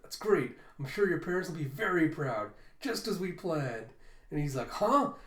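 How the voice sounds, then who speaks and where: Guy with a higherish voice reading out manga lines and laughing a lot, echoey room. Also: a little mellow. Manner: retells the story, breaking into laughter. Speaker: manga reviewer. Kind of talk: casual reaction recap reading lines aloud.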